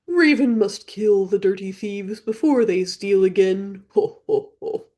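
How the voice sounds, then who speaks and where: Woman voicing a menacing raven, slow delivery, booming laugh, storybook creature. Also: warm tone, natural voice. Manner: slow, looming, repeats threats. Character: deep-laughing menacing male raven bird.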